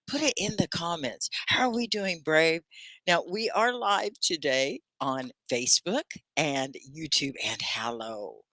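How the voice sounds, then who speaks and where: An older woman teaching English on a live stream, chatty and animated, asking her viewers one question after another and reading out their comments. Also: low voice, unhurried, no echo. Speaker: ESL teacher.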